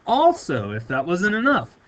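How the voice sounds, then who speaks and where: A man's voice: high voice, huge pitch swings, unhurried, slight background noise. A man teaching a recorded math lesson, stressing and repeating key words for his students.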